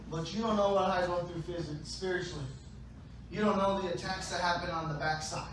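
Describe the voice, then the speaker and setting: A man preaching a sermon, playful, acting out scenes with sudden shouted voices, recorded in a large church hall. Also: high voice, fairly even intonation, fast. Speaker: pastor. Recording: echoey hall, distant mic, faint noise.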